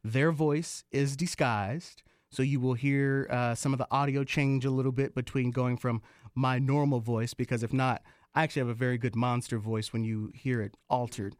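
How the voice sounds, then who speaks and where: Guy hosting a news talk show, steady measured delivery, lots of ums, dry close sound. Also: mid-range voice, dry recording. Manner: measured, many filler ums. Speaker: host.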